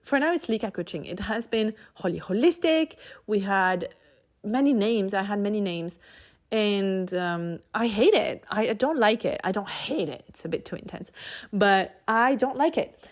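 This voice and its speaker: A woman's voice: mid-range voice, expressive, normal speed. Chatty French woman podcast host. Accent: French, mixed with other influences. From France. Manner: chatty, tangent-prone, laughs often. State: slightly blocked nose. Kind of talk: casual solo podcast monologue.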